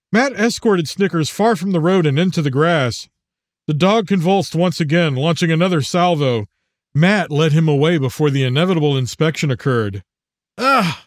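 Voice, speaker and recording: A man narrating his own audiobook in a measured, even storytelling manner. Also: fairly high pitch, no room sound, clean studio sound.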